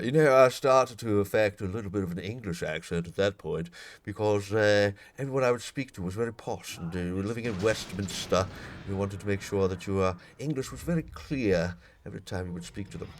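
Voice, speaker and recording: A Scottish man commentating on a live esports match, chatty between plays and shouting with excitement when a fight breaks out. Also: fairly low pitch. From Scotland. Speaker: esports caster.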